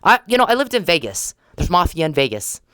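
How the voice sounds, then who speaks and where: A woman's voice: lowish voice, very animated, a little fast, a bit bright, clean tone, no echo, rough recording. A woman delivering an angry, accusing podcast monologue straight at someone she blames, repeating herself in a confrontational way. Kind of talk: angry monologue aimed at an absent person.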